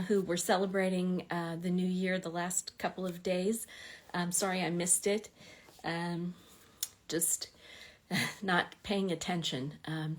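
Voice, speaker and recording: A woman hosting a fan club livestream in a casual, chatty way, full of ums and small laughs. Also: lowish voice. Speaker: fan club administrator and host.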